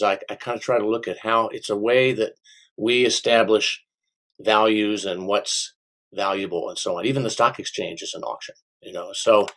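A middle-aged man, an auctioneer, answering interview questions in an unhurried way, sometimes slipping into a rhythmic auction chant. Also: fairly low pitch. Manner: unhurried, with restarts and a sing-song auction chant demo. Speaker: auctioneer and small business owner.

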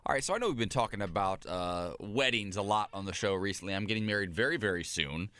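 A man in his thirties co-hosting a morning radio show, telling a story with animated enthusiasm. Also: lowish voice, fast. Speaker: co-host. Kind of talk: casual radio show chat.

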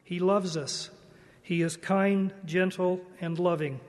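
A man with a fairly high voice delivers a sermon in an earnest, measured way, moving into storytelling. His voice rings with the long reverb of a large hall. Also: fairly even intonation. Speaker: church speaker.

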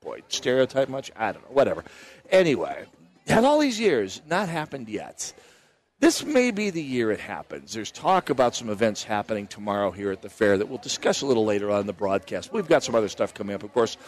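A man's voice: on the low side, sing-song, fairly quick. A man hosting a live talk radio show from an outdoor state fair booth, telling stories in a chatty way with many restarts and asides. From Minnesota. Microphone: broadcast mic with headphones.

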